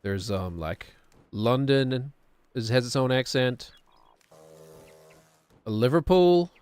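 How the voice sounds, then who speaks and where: A man's voice: mid-range voice, takes it slowly, darkish tone, clean tone. A middle-aged man from New Zealand with a New Zealand accent, chatting casually as a streamer while gaming, rambling and correcting himself as he goes. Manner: rambling, self-correcting, chuckling.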